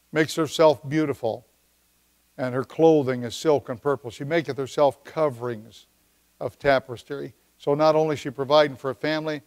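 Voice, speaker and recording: A man preaching a midweek church sermon, talking in a conversational way with pauses and slowing down to read scripture. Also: a little high, a little mellow. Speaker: pastor. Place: church service.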